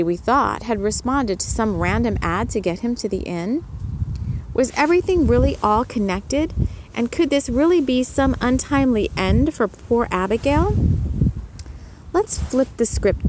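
Gentle female storyteller for ASMR, slow, speaks to the listener. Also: fairly high pitch, background noise.

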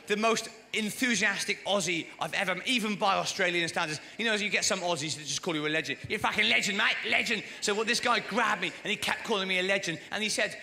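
A British man with a fairly high voice does stand-up into a handheld mic, rambling and cutting himself off with dry asides. The sound rolls around a large echoing theatre, and crowd noise is clear underneath. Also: bright, forceful tone. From Britain. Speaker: stand-up comedian. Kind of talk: live stand-up set. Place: large theatre stage at a comedy gala. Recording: echoey theatre hall, audience noise.

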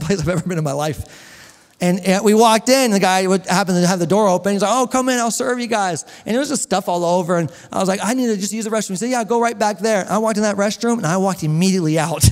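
A man's voice: high-pitched, darkish tone. A man preaching a sermon as a pastor, telling a story, asking the congregation questions and joking with them. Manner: storytelling, asks the congregation questions, jokes and laughs. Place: church hall with long reverb. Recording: echoey church hall.

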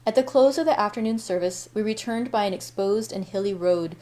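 A woman hosts a daily library read-aloud, working through a classic novel chapter by chapter. Her pace is steady and unhurried, with small self-corrections along the way, at an ordinary mid pitch.

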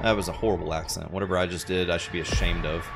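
A man's voice: low-pitched, fairly even intonation, racing, creaky, loud music behind the voice. A man streaming a game and chatting casually, rambling and laughing at himself as he plays. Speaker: gaming streamer. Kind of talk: casual gameplay commentary.

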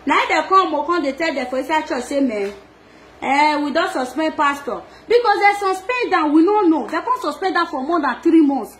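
Nigerian Pidgin woman, high voice, animated gossip vlogger, laughs and scolds often. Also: moderate pace. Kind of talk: casual gossip monologue.

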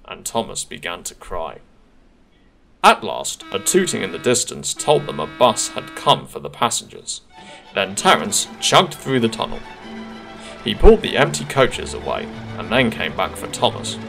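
Gravelly man reading a storybook. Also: on the low side, normal speed, faint music behind. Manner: expressive, gently paced narration.

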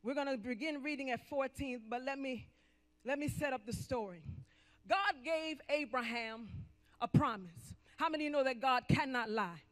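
A male pastor preaching emphatically, swinging between loud calls and quiet asides. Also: very high-pitched, moderate pace. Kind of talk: sermon.

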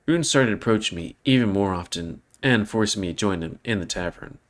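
Man reading a remorseful male dog, visual novel, low voice, earnest, reflective. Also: expressive, a little fast, close to an everyday voice.

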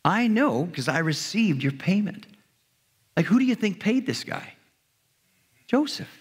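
A pastor preaching a sermon in a conversational way, retelling a story and briefly acting out its characters. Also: male voice, high voice, big pitch swings, unhurried, breathy edge. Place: church hall. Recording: long hall reverb.

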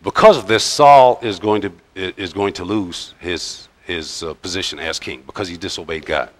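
A male pastor preaching a sermon in a conversational, halting way, with frequent pauses and restarts. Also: low-pitched. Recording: long reverb of a large church hall.

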